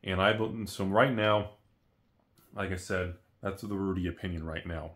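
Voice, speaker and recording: A man's voice: sits low, normal speed. A man giving a casual, rambling commentary on the collectibles market as the host, correcting himself and throwing in jokey asides. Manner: rambling, animated, self-correcting.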